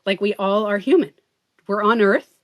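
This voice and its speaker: A woman streaming live from home, talking straight to her viewers in a loose, rambling way. She leans hard on key words and swears casually. Her voice sits at an ordinary middle pitch. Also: normal speed, muffled recording. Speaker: livestream host. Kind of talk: casual livestream monologue.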